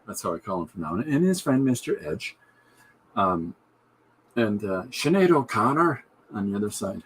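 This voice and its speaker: A man with a fairly low voice who rambles through jokey asides as a podcast host. He chats casually while drawing, with a faint hiss behind him. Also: sing-song, moderate pace. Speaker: podcast host and comic artist.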